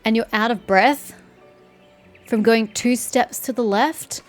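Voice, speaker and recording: This woman speaks slowly in a voice on the high side, nursing a sore throat while she games. Faint game music sits underneath her let's-play commentary, which is sarcastic, chatty, and full of teasing aimed at the characters.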